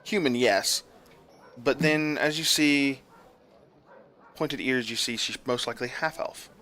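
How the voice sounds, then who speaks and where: Bright-voiced man narrating as game master. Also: medium pitch, a little slow. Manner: descriptive, with many fillers.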